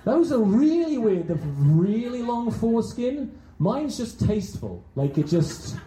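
A man's voice: very high-pitched, sing-song, unhurried, mellow, roomy sound, rough recording. A man doing a rambling, self-deprecating, crude stand-up set, bantering with a small audience. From England. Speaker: stand-up comedian. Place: small comedy venue with few people.

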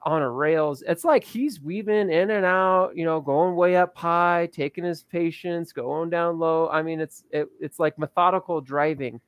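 Chatty higher-voiced man, dry sound. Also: a little slow, few pauses, clean tone, dry recording. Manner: chatty, loose, laughs often. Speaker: co-host, racing recap. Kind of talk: casual chat.

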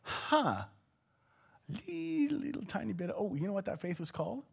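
A man preaching a sermon, moving between hushed asides and loud, acted-out shouts. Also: high voice, sing-song, normal speed, creaky, slightly rough.

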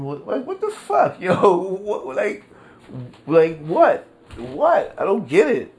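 A man hosting his own podcast, ranting in casual commentary, full of street slang, swearing and frequent laughter. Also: mid-range voice. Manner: animated, laughs often, swears freely; New York street slang. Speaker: podcast host.

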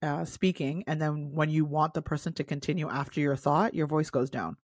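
Casual lower-voiced woman, dry sound. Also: normal speed, no room sound. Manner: laughs often, swears casually, animated storytelling. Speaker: podcast co-host. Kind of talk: casual chat.

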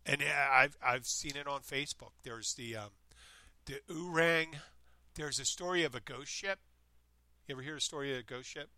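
A man's voice: medium pitch, moderate pace, dry recording. A man in casual chat, telling stories in a meandering way and often interrupting himself. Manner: meandering, self-interrupting, animated retelling. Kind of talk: casual chat, rambling storytelling.

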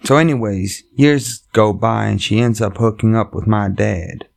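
With a voice on the low side and noticeable vocal fry, a comedian and podcast host speaks at a measured pace as he casually chats and reads internet stories into the mic. He wanders off topic, swears, and keeps interrupting himself.

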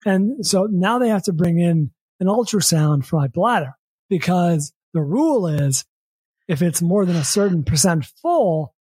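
Husky-voiced man telling a story. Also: high-pitched, animated, a little mellow, no echo. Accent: American. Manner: rambling, repeats words, quotes people in quick asides. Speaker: podcast host. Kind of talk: casual storytelling.

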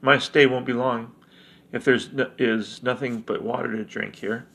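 A man voicing a gruff, weary male villager who speaks bluntly in a gravelly voice. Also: mid-range voice, steady tone, a little slow, a bit bright.

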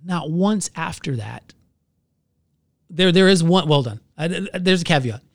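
A man who is a pastor, telling his own story in an earnest, halting way and searching for his words. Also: a little high, animated, vocal fry, no echo, clean studio sound. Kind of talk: candid personal testimony in conversation.

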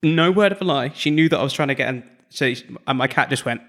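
Man, mid pitch, rambling casual chat, podcast co-host. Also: quick pace, a bit bright. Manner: rambling anecdotes, frequent "like" and "literally".

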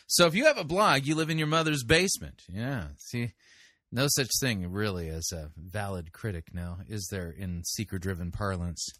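A man's voice: on the low side, normal speed, pushed and bright, no echo, clean studio sound. A man commenting on a sermon clip, sarcastic and pointed, firing rhetorical questions. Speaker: podcast critic, sermon reviewer.

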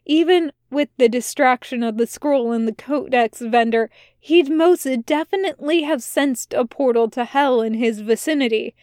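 A woman reading a fan-fiction story aloud in a measured, unhurried narrating voice. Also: high-pitched, a little mellow, no room sound, studio quality. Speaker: fan audiobook reader.

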